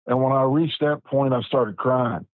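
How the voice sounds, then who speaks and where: A man, telling a personal story as a podcast guest in an unhurried, plain-spoken way with frequent restarts. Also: mid-range voice, fairly even intonation, dry recording, rough recording. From West Virginia. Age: 50s.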